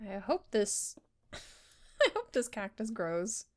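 A woman's voice: medium pitch, sing-song, takes it slowly, a little mellow. A woman chatting casually with a friend while playing a video game, giggling often and trailing off mid-sentence. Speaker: game player. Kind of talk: casual co-op gaming chat.

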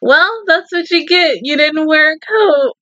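A woman's voice: high voice, a little slow, sharp tone, no room sound, highs cut off. A woman hosting a casual anime reaction video, laughing often and cooing baby talk at her dog.

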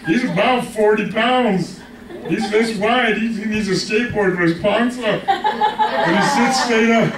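Animated high-voiced male preacher in echoey hall. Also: unhurried, distant mic. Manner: animated, calls for congregation responses. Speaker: pastor. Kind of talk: sermon. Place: church hall.

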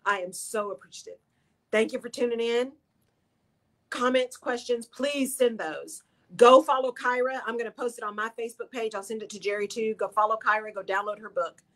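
A woman's voice: a little high, a little fast, a bit bright. Earnest woman hosting a radio show. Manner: earnest, encouraging, talks straight to listeners. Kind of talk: motivational radio talk.

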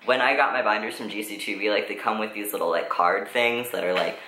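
A man's voice: lowish voice, quick pace, pushed and bright, slight background noise. A teenage young man telling a story in a casual vlog, rambling, swearing often and filling with likes. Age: teens. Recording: roomy echo.

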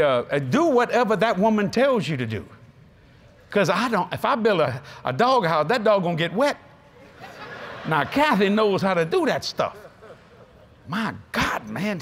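A man's voice: high voice, big pitch swings, normal speed, fairly bright tone, breathy edge. An older man with a Cajun Louisiana accent, preaching to a convention crowd in a folksy, laughing storytelling style that acts out voices. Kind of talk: storytelling sermon. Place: large convention hall.

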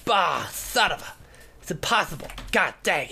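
A man's voice: high-pitched, sing-song, normal speed, creaky, sharp tone, a little hiss or hum. A man giving comedic let's-play commentary, goofy, flipping into silly character voices and muttering under his breath as he plays. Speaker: gameplay commentator.

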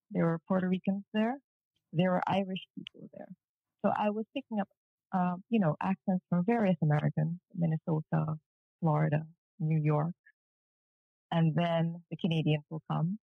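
Gravelly woman on a tinny video call. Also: on the low side, no echo. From Jamaica. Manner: frank and matter-of-fact. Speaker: guest, cultural media commentator. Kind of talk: casual interview conversation. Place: at home in the evening. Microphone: remote video call. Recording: tinny phone-like call audio.

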